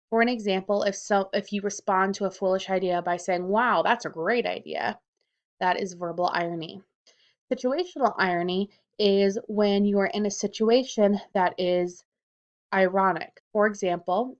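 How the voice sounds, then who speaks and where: A woman high school teacher narrating a recorded lesson over slides, explaining things clearly and reading out questions and answers.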